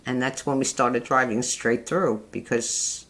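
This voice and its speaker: An older woman telling family memories in a fond, halting way, with frequent restarts. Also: rumbling low, fairly even intonation, fairly bright tone. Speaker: interviewee, mother. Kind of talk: casual family reminiscing.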